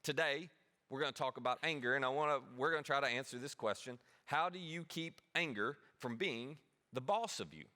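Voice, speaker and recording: A man's voice: mid-range voice, fairly quick, bright, forceful tone. A man preaching a conversational sermon as pastor, asking his listeners questions and poking fun at himself. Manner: conversational and self-deprecating, with rhetorical questions.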